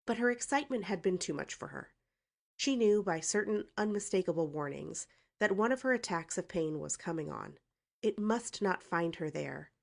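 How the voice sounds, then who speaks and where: A woman reading an audiobook in an expressive narration style. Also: on the low side, normal speed, creaky. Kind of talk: scripted narration.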